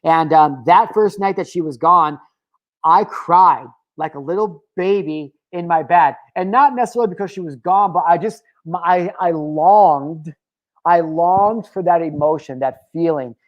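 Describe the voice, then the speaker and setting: A man in his thirties hosts his own motivational talk, his voice a little higher than most men's and his pace measured. He's candid, swears freely, and drifts into tangents with lots of fillers, while the recording's highs are cut off.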